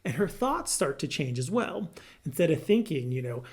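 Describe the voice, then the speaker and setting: A man, a licensed marriage and family therapist, explaining a therapy method to viewers in a lively, good-humored way. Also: fairly high pitch, normal speed. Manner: lively, good-humored, laughs through personal example. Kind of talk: educational explainer to camera.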